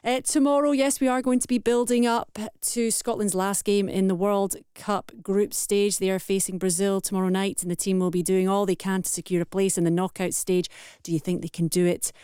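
A woman hosting a radio phone-in, brisk and friendly, reading out listener messages and trailing the next show. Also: mid-range voice, fairly even intonation, mellow, clear, resonant tone, no room sound, clean studio sound. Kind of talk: radio presenting.

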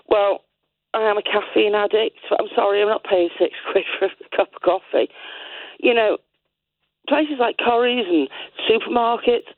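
A woman's voice: fairly high pitch, no echo. A woman calling in to a radio show, chatty and opinionated, rambling through her views in casual talk. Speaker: radio caller. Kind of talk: casual phone-in chat. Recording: tinny phone line.

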